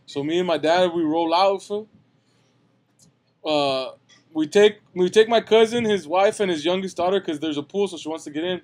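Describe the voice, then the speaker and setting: A young man with a high voice tells a rambling, slang-filled story on a casual podcast. He talks loosely and ends nearly every phrase with "fool.". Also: moderate pace, darkish tone. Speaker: podcast co-host telling a story.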